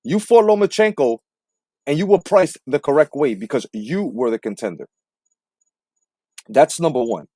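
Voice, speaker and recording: A man with a fairly high, wildly animated voice rants combatively, swearing and hammering his points with repetition. The sound is close and dry, with almost no room. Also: moderate pace, long pauses, husky, no room sound. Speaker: boxing commentary host. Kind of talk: profane live-stream rant.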